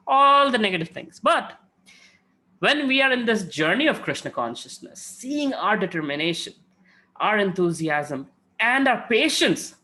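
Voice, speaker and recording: A man speaking on spiritual themes, his voice pitched a little high and ringing bright. He talks casually and tells stories, tossing in "right?" to keep listeners with him. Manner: conversational, frequent "right?" tags, acts out quotes. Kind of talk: devotional talk with storytelling.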